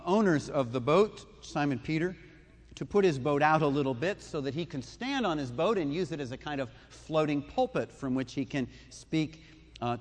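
A man's voice: on the high side, in a large hall. A man preaching a sermon, retelling a story conversationally with asides and questions to the listeners. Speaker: pastor.

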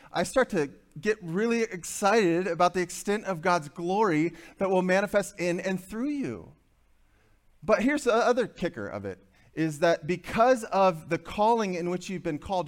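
A man preaching a sermon to a group of men, swinging from quiet, slow passages to loud, quick bursts, with joking asides. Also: mid-range voice. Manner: dynamic, swings from hushed to loud and fast.

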